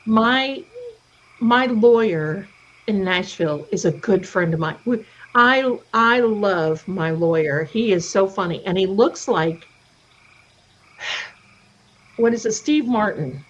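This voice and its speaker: A woman's voice: mid-range voice, animated, slow, long pauses. A middle-aged woman hosting a livestream, chatting casually and telling stories. She acts out the voices of the people she quotes. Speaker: livestream host. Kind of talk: casual storytelling chat. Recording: dull lo-fi stream audio.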